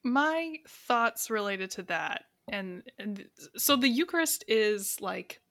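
Woman co-host, chatty storyteller, bright and dry. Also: a little high, expressive, takes it slowly, no room sound. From raised Catholic. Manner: chatty, storytelling with lots of fillers. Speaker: podcast co-host. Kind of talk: casual film discussion.

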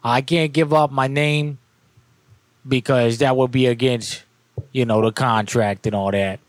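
A man's voice: medium pitch, fairly even intonation, measured pace, no echo, natural voice. A man voicing an evasive tough-talking guy with a Boston accent that slips in and out, rambling through fillers. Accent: put-on Boston, slipping.

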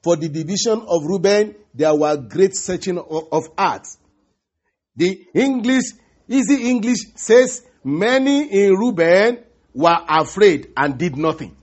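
A man preaching a sermon, halting and repeating words, breaking in with hallelujahs and praise the Lords. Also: high voice. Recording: dull lo-fi recording.

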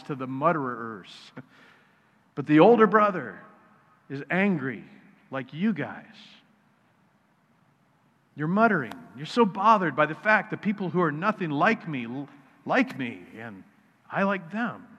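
A man preaches in a loose, conversational way, jabbing at his listeners and doubling back on his words. His voice sits a little high for a man. It rings with a long hall reverb and has a muffled, dull recording. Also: lively intonation, measured pace, fairly bright tone. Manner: conversational preaching, teasing the audience, repeats words when restarting. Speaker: pastor. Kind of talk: sermon.

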